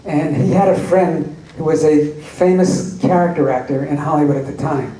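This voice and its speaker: Man, convention panel guest, wry anecdotal storyteller, fairly high voice, distant echoey hall capture. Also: steady tone, moderate pace, dark tone. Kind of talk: audience Q&A at a fan convention. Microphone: recorded from the audience. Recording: echoey hall recorded from far off.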